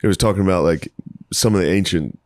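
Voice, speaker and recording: A man's voice: deep voice, quick pace, darkish tone, no echo, clean studio sound. A man co-hosting a podcast, talking crude and laid-back in casual chat. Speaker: podcast co-host.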